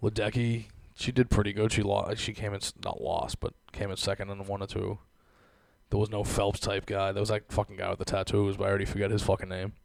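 A man's voice: on the low side, level tone, fairly quick, gravelly, darkish tone, dry recording. A young man hosting a podcast, ranting in casual, profane chat and laughing often. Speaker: podcast host.

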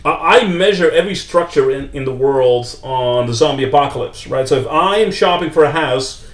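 Dutch guy chatting on a podcast, bit high voice, stumbles and restarts, echoey room. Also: moderate pace, recorded from a distance. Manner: chatty, restarts often, laughs easily. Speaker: podcast guest. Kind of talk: casual chat.

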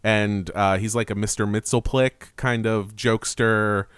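A man's voice: fairly low pitch, steady tone, slow, clean tone, dry recording, studio quality. A man co-hosting a podcast, recapping a cartoon in casual chat, rambling and laughing as he quotes the characters. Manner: rambling, laughing, quoting characters in goofy voices. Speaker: podcast co-host.

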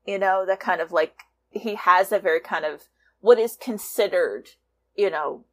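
A woman fanfiction writer talking as a guest in a casual interview, animated and laughing often. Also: mid-range voice, normal speed.

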